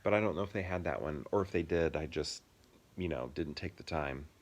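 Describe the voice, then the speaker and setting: A man in his thirties co-hosting a casual chat, easygoing and quick to laugh, with long rambling explanations. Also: extremely low pitch. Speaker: podcast co-host.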